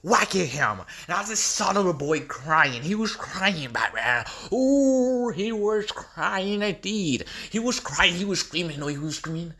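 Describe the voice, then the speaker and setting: A man's voice: high voice, lively intonation, a little slow, hardly any pauses, bright, forceful tone, heavily acted. A man voicing an unhinged, gleeful male clown villain in a fan impression skit, taunting in a sing-song way, swinging between whispers and squeals, with a cackling laugh.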